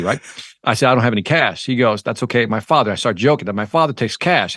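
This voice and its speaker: A man's voice: medium pitch, fast talker, no echo, studio quality. A middle-aged man, a sales trainer, telling an anecdote in an interview and acting out its dialogue. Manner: animated, acts out the dialogue in his anecdotes. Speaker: sales trainer and motivational speaker. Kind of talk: storytelling in an interview.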